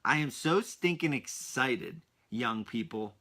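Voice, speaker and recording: A man's voice: mid-range voice, very animated, slow, pushed and bright. A man in his thirties hosting a podcast for kids, talking in an upbeat, enthusiastic way and speaking to his young listeners directly. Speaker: podcast host. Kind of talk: upbeat kids' podcast talk.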